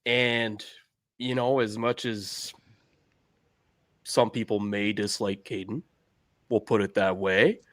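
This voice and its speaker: A man co-hosting a podcast, weighing his words in a measured, hedging way. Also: lowish voice, fairly even intonation, a bit bright, no room sound, clean studio sound. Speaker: podcast co-host. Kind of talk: casual chat.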